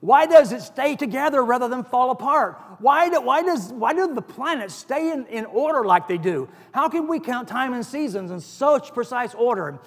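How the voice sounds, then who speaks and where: A man's voice: very high voice, lively intonation, normal speed, hardly any pauses, fairly bright tone. A man preaching a sermon as pastor, earnest and building to emphatic stress on key phrases. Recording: long hall reverb.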